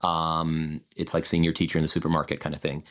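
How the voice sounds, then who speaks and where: A man's voice: rumbling low, monotone, fast, a bit bright. A man in his forties co-hosting a podcast, chatting in a digressive way with frequent restarts. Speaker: podcast co-host. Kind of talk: casual chat.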